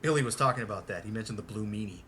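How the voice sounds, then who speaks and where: A man's voice: lowish voice, very fast, fairly bright tone, slight background noise. A man hosting a podcast in casual chat, rambling with lots of fillers and swearing. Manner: rambling, profane, heavy on fillers. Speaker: podcast host.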